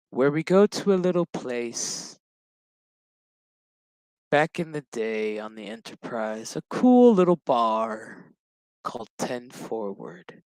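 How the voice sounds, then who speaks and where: A man's voice: medium pitch, no echo. Blunt, foul-mouthed man doing a recap. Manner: profane, sarcastic, blunt. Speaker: show reviewer. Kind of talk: casual episode recap.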